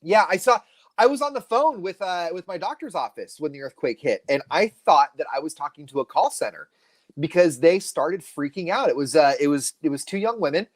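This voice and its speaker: A co-host talking on a video call from home, rambling through stories with plenty of restarts. The pitch moves a lot, so the delivery sounds lively and animated in a casual stream chat. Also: fairly quick, dry recording.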